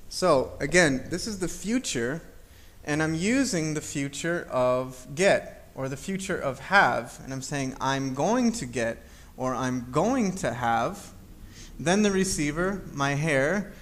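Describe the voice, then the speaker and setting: Man, slightly higher voice, patient grammar lesson, repeats examples. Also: fairly bright tone. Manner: patient, repeats examples slowly, checks with "okay?". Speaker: English teacher.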